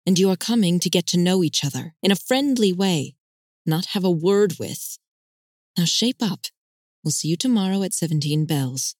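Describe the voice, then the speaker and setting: A woman voicing a calm, firm middle-aged mother who speaks in a measured, scolding way. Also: on the low side, dry recording, clean studio sound.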